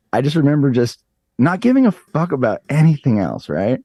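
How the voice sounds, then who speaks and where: A man in his thirties telling a story on a podcast, animated and swearing freely. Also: mid-range voice, a little fast, no echo. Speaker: podcast guest. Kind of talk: casual storytelling.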